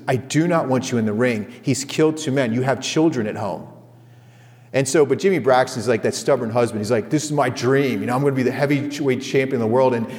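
Conversational male pastor in a reverberant hall. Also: mid-range voice. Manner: storytelling, conversational, animated retellings. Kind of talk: sermon to a men's group.

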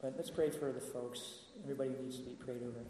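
A man's voice: medium pitch, fairly even intonation, quick pace, dark tone, slight background noise. A man preaching a sermon in a conversational way, often checking in with the people listening, in a church hall. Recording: echoey hall with long reverb.

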